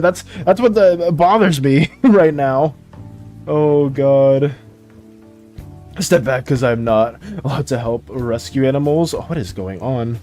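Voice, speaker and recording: A man's voice: mid-range voice, takes it slowly, dark tone, soft background music. A man streaming while he draws, chatting casually with viewers, laughing often and repeating himself. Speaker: art streamer. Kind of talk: casual livestream chat while drawing.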